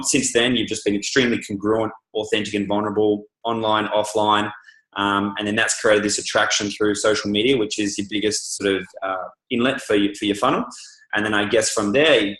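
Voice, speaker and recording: A man hosting a call, summing up in a loose, relaxed way with plenty of fillers. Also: fairly low pitch, reverberant, rough recording. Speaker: host. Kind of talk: casual call chat.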